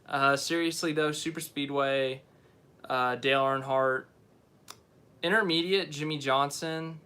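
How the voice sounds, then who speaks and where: A man's voice: on the high side, steady tone, normal speed, sharp tone, clear, resonant tone. A young man hosting a casual live stream, rambling and often correcting himself as he answers viewers. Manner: rambling, unsure, self-correcting.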